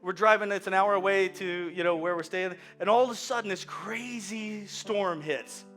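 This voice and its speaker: A man preaching a sermon as pastor, moving from hushed, quiet lines to loud, animated storytelling. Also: high-pitched, moderate pace, faint music behind.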